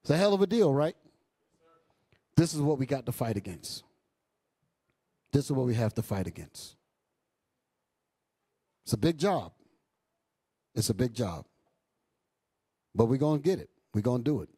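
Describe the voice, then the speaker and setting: A male bishop preaching a sermon with impassioned bursts and low asides, calling out to the congregation. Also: expressive, fairly quick, pauses often, dark tone, breathy edge, dry recording. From New York. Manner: calls out to the congregation. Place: church hall.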